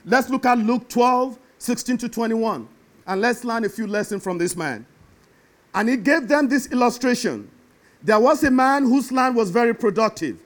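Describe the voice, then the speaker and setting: A man preaching a sermon, animated and building to emphatic shouts. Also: very high voice, normal speed.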